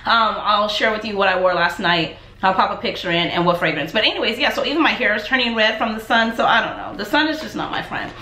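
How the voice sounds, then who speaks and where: A woman's voice: mid-range voice, fast talker, few pauses. Chatty woman vlogging in an echoey room. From United States. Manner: chatty, rambling, animated asides. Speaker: lifestyle vlogger. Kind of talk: casual chat to camera.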